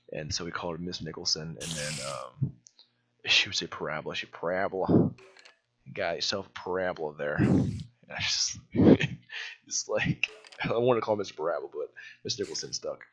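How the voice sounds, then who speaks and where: A man's voice: deep voice, vocal fry, bright, forceful tone, breathy edge. A young man from the American South telling a rambling school story over gameplay, full of fillers and restarts. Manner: rambling, many fillers and restarts, laughs often. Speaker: gaming channel host. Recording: music playing behind voice.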